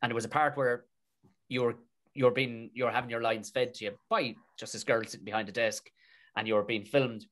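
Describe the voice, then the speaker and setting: A man with a Tipperary Irish accent tells stories as a podcast guest. He is animated and colloquial and swears freely, with a mid-range pitch typical for a man. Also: moderate pace. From Tipperary, Ireland. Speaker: guest comedian and actor. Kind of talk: casual storytelling in a podcast interview.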